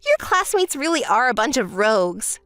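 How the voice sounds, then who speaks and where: A woman's voice: big pitch swings, moderate pace, fairly bright tone, no room sound, soft background music. A woman voicing a spoiled, self-centered young bride who bosses her sister around, in a texting-story voice-over. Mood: smug. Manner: whiny, bossy, shrill when angry.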